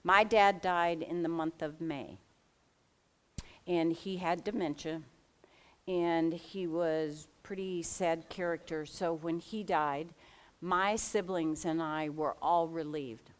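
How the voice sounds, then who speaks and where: Middle-aged woman telling a personal story, casual and candid, a bit low-pitched, lots of ums. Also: fairly even intonation, slow pace. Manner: candid, conversational, with fillers and restarts.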